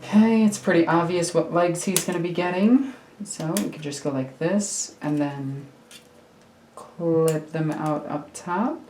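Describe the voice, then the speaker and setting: A woman's voice: lowish voice, a little slow, mellow, echoey room. A woman rambling casually while building a miniature model at home, chatty and self-mocking. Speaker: miniature hobby streamer. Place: home hobby room. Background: faint computer hum.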